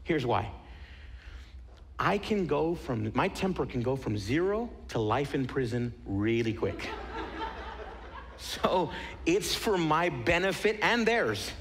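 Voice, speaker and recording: A man preaching a sermon in a theater, telling a story with animated emphasis and dropping to a hushed, near-whispered delivery at moving moments. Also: mid-range voice, moderate pace, big-room sound, slight background noise. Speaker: pastor.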